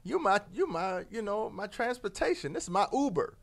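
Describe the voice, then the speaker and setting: A slick scorpion who pleads and coaxes in easy street slang, as a man puts him on while telling a fable. The voice sits higher and louder than the storyteller's own and swings around a lot. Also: big pitch swings, moderate pace, vocal fry, heavily acted. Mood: coaxing. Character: smooth-talking male scorpion, persuasive, streetwise.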